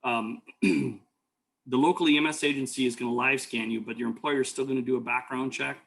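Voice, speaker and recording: A man's voice: medium pitch, steady tone, a little fast, vocal fry, fairly bright tone. A man teaching an EMT class, telling rambling stories full of fillers and restarts. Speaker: EMT instructor. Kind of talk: lecture with personal stories.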